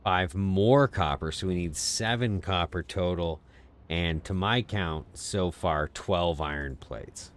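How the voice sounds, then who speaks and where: Deep-voiced man rambling over gameplay. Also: slow. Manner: rambling, talks to himself, chuckles often. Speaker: game streamer. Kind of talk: casual gameplay commentary. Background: music.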